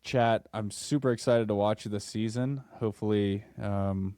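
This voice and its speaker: A man hosting a podcast interview, chatting casually and laughing often with a relaxed, filler-heavy way of talking. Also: fairly low pitch, moderate pace, no echo, studio quality. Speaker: podcast host.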